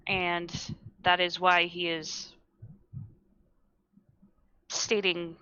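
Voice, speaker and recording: A woman's voice: lowish voice, little pitch movement, very slow, bright, forceful tone, smooth, dry recording, dull audio. A woman playing a tabletop game in a playful, casual way. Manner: playful, laughs easily. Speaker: player.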